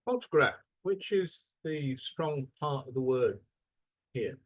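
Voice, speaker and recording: Taking his time, a medium-pitched man leads an English class, questioning students in a lively way. As he models vocabulary, he stretches out and emphasizes the stressed syllables.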